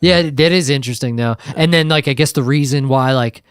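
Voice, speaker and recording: Laid-back, smooth-voiced podcast co-host man. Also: medium pitch, a little fast, no echo, studio quality. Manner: laid-back, swears casually, agreeable backchannels. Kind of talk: casual chat.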